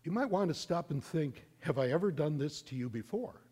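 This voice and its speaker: A talking she-donkey asks her master calm, reproachful questions, voiced by a male preacher. She speaks slowly and softly, like a storybook animal. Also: on the high side, slightly rough, big-room sound.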